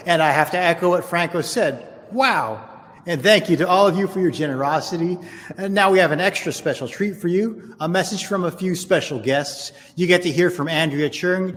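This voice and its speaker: A man's voice: fairly high pitch, a bit bright, in a large hall. A man hosting a gala, politely reading out thanks and announcements. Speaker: gala host. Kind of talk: scripted event hosting.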